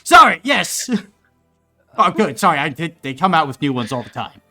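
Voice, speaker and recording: A woman game master voicing an excitable older half-elf father who talks loudly and stumbles over his apologies in a tabletop game. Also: low voice, moderate pace, music in the background, pitched above the performer's own voice. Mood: flustered. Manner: loud, flustered, tripping over apologies.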